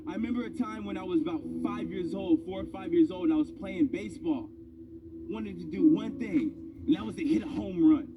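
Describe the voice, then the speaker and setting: A man's voice: high voice, a little fast, recorded from a distance, dull audio, background noise. A man in his thirties giving a motivational speech, telling a personal story with emphatic, building delivery. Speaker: motivational speaker. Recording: speech over loud background music.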